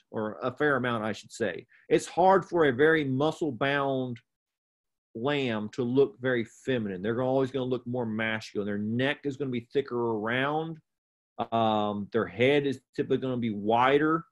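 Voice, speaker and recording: A man of middle pitch walks learners through livestock judging in a plain, methodical classroom manner. He pauses on fillers and corrects himself mid-sentence as he explains. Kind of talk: instructional explanation.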